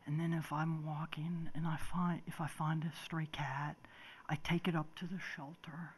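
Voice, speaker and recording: A woman testifying at a public hearing for the first time, hesitant and soft, with many pauses. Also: deep voice, level tone, slightly rough. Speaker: resident testifying.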